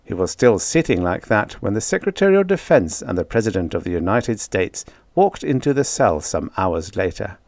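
Male narrator, expressive storyteller, lively pitch, dry close sound. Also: normal speed, few pauses, no room sound. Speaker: audiobook narrator. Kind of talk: scripted narration.

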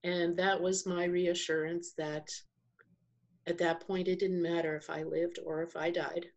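Husky low-voiced woman recounting slowly. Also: flat delivery, a little mellow, muffled recording. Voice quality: low, husky voice with gravelly fry. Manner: slow, reflective storytelling with pauses and restarts. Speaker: podcast guest. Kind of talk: personal testimony in an interview.

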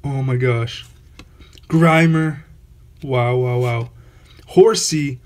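Drawing out his words at medium pitch, this channel host cracks open trading card packs in a casual unboxing. He sounds awestruck throughout, repeating his exclamations again and again.

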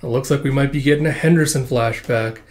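A man's voice: medium pitch, quick pace. A man hosting a casual manga read-along, narrating in a loose, chatty way with filler words.

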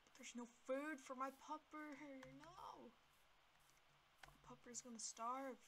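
A young woman casually commentating her own gameplay, playful and talking to herself in cutesy baby words, with sudden gasps and shouts. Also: high voice, slow pace, slight background noise. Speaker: gameplay video creator.

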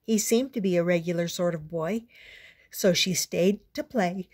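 An older woman reading a picture book aloud as a storyteller, expressive and playful. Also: fairly low pitch, moderate pace.

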